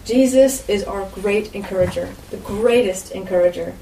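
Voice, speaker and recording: Lady teaching bible stuff, chatty, lots of "you know", mellow voice, far from the mic. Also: mid-range voice, normal speed. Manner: conversational, frequent "you know" asides. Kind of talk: informal sermon. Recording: roomy echo, distant mic, faint background noise.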